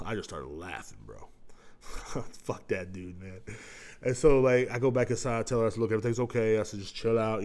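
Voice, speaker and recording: A man, telling a profane story on his podcast and swinging between loud outbursts and low muttering. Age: 30s. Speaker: podcast host. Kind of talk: casual storytelling monologue.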